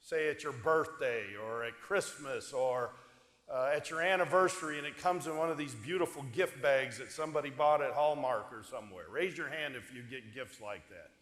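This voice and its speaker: A man's voice: medium pitch, moderate pace, fairly bright tone. A man, a deacon giving a homily that tells stories and asks the congregation questions. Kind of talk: homily, storytelling. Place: church sanctuary. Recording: echoey church hall.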